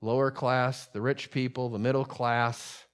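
A man's voice: medium pitch, little pitch movement, a little slow, clear, resonant tone. A man preaching a sermon in a conversational, personal way, repeating himself and restarting phrases as he builds emphasis.

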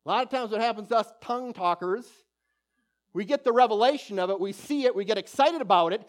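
A man with a high-pitched voice delivers an exhorting sermon. He preaches with animated emphasis and repeats his key phrases to drive them home. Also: quick pace. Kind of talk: sermon teaching.

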